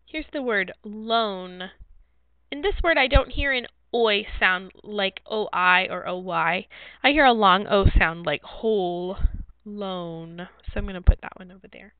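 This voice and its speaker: A woman teacher explains a phonics sort in slow, clear, patient steps. Her voice comes through narrow and phone-like, with a dry, close sound and no room around it. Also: mid-range voice, no room sound. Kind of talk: phonics word sort lesson.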